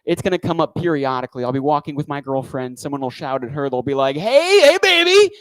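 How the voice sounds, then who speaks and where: A man's voice: medium pitch, level tone, fast, smooth, no echo, rough recording. A man doing a stand-up comedy set on a club stage, talking into a handheld mic with a wry, rambling delivery.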